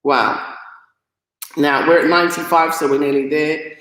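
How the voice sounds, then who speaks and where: A woman chats her way through a live stream, greeting viewers one by one as she reads out their comments. She sounds excitable and laughs easily, and she trips over unfamiliar names as she goes. Her voice carries a roomy echo. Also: low voice, unhurried. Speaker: livestream host reading viewer comments. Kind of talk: casual live stream chat.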